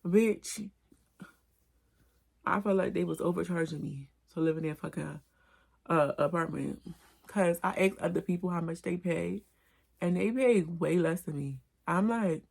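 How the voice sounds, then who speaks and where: A woman telling an animated, profane storytime in slangy casual speech. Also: fairly low pitch, a little slow, creaky. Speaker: vlogger. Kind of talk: storytime vlog.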